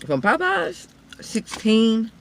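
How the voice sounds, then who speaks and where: Slow, lively-voiced woman hosting an eating show. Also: on the high side, a little hiss or hum. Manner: chatty, talks to viewers directly. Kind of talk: casual mukbang chat to viewers.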